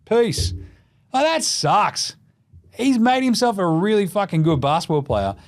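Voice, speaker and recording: Profanity and jokes fill this casual sports show, hosted by an Australian man who goes through his opinions with mocking put-on voices. He speaks in a high-pitched voice at normal speed.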